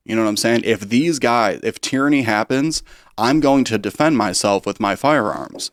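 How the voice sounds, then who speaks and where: Low-voiced casual male guest. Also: normal speed, no echo, studio quality. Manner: casual, full of fillers like "you know". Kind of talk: telling his own story in an interview. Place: podcast studio.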